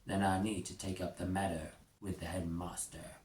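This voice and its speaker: A man's voice: low voice, little pitch movement, moderate pace, darkish tone, a little hiss or hum, natural voice. A man voicing a brash, offhand male tech billionaire with an American accent. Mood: breezy. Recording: echoey room.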